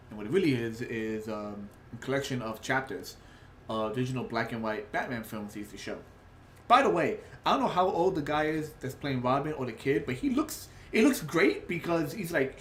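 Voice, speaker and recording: A man's voice: mid-range voice, reverberant, a little hiss or hum. A man chatting casually on a livestream, rambling and filling his talk with "like" and restarts. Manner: rambling, filler-heavy with frequent "like". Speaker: artist streamer.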